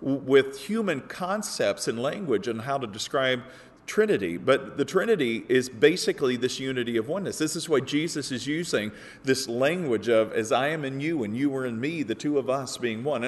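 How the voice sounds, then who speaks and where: A pastor delivering a sermon, earnest and explanatory, rising to emphatic peaks when he quotes scripture. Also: mid-range voice. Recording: long hall reverb.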